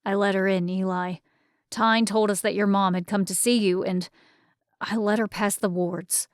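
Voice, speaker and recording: A woman's voice: mid-range voice, fairly even intonation, moderate pace, clean tone, no room sound, close to an everyday voice. A woman voicing a loyal young male druid with a dry, wry way of speaking. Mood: guilty.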